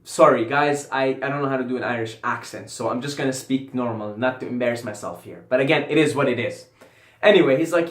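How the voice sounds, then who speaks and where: A vlogger talks to camera in a casual philosophical monologue, rambling, repeating phrases for emphasis, and swearing offhandedly. His voice is medium-pitched and fast. The room gives an echoey sound.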